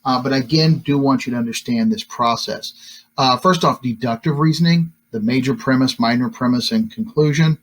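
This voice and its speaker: A male teacher gives a relaxed, chatty lecture to his students. His voice is husky and sits at an ordinary pitch. He often checks in with a quick tag question. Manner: conversational, many fillers and tag questions. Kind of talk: recorded classroom lecture.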